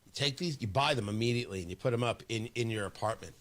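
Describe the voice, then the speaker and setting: A man hosting a morning radio show, bantering in a playful, teasing way and hamming up a mock sales pitch. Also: fast talker, a bit bright.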